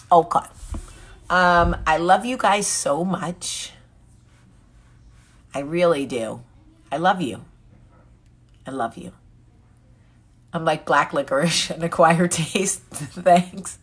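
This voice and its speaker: Woman, 40s, host, low husky voice, candid and jokey with her viewers. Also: lively intonation, measured pace, pauses often. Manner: candid, joking and chatty, reading comments aloud. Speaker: vlog host. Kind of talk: casual live chat with viewers.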